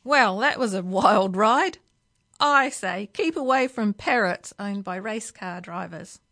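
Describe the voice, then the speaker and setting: Woman reading a picture book to kids, unhurried and expressive, with a crisp, bright tone. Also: mid-range voice. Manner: slow, expressive storytelling. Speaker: children's story reader at a library.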